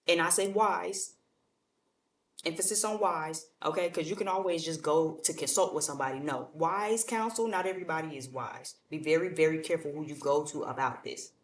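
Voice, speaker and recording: A woman with a very low voice reads tarot for her viewers in a blunt, colloquial, repetitive way. She talks to them directly. Her voice echoes around the room, picked up from a distance. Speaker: tarot reader. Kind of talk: casual tarot reading. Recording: echoey room, far from mic.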